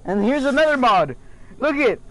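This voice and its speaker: High-pitched, lively man gaming. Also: normal speed. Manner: swears a lot, excitable, talks to chat. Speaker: gaming streamer. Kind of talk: casual gameplay commentary.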